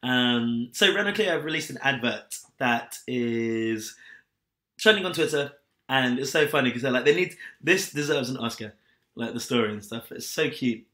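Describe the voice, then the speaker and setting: A man's voice: mid-range voice, lively intonation, normal speed, bright, forceful tone. Young male co-host, loose rambling chat delivery, filler-heavy. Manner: chatty, rambling retelling with many fillers. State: sore back, hungover. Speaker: podcast co-host. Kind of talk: casual chat.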